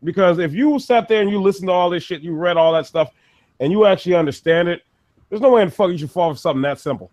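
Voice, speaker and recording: Casual podcast co-host, high-pitched man, swears freely while ranting. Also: fast, darkish tone. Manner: profane, ranting, laughs often. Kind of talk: casual chat.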